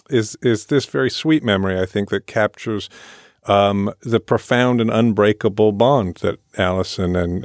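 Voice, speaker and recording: A man's voice: low-pitched, no room sound, studio quality. A man co-hosting a podcast in casual chat, wry with hesitant fillers. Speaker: podcast co-host.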